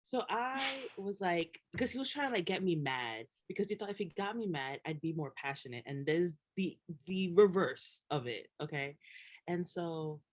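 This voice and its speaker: A young woman co-hosting a podcast in casual chat, emphatic and animated, laughing often as she rants. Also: on the low side, moderate pace. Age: young adult. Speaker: podcast co-host.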